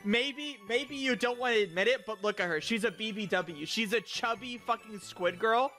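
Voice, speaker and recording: A man's voice: high voice, moderate pace, pushed and bright, faint music behind. A young man streaming in a casual chat. He rambles, stammers and swears crudely, now and then bursting into mock outrage. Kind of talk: casual stream chat, reviewing viewer picks.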